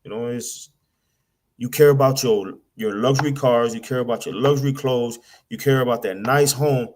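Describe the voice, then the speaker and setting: A man's voice: mid-range voice, normal speed, darkish tone, slight background noise. A man preaching bluntly in a casual rant, often repeating and stumbling over words. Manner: blunt, repetitive, slangy, mimics people in asides. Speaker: street preacher.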